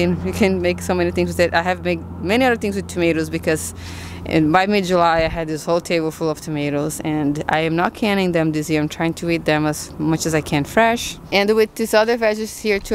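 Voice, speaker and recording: Woman rambling thru her backyard garden tour, lowish voice, some faint hum outside. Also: steady tone, fast talker. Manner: chatty, thinks aloud with restarts, addresses viewers. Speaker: gardening vlogger. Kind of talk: casual garden tour chat.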